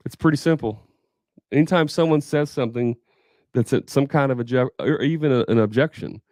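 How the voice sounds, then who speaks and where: A man's voice: mid-range voice, fairly quick, a little mellow, no echo, clean studio sound. A man leading a live sales training for contractors, talking casually, thinking aloud and acting out customer conversations.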